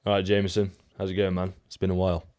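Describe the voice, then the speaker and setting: A man's voice: low-pitched, completely flat delivery, racing, darkish tone, smooth. A man co-hosting a casual podcast, chatting in a laid-back, teasing manner. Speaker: podcast co-host.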